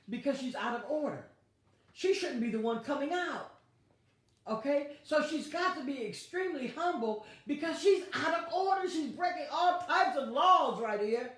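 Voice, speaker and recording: A woman pastor, teaching a lively Bible study with playful asides and acted-out quotes. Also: on the high side. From United States. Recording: very echoey room.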